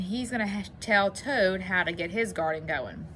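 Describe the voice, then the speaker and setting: A woman teacher giving a phonics lesson to children and reading a story aloud, clearly enunciating in an encouraging way. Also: medium pitch, normal speed, hardly any pauses, fairly bright tone, slight background noise.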